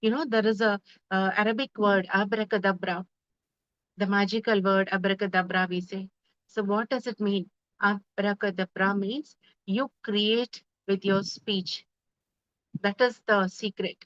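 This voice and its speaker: A woman's voice: mid-range voice, fairly even intonation, measured pace, fairly bright tone, no room sound. Woman meditation teacher; earnest spiritual talk, rhetorical questions; dry, muffled recording. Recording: dull, dry sound.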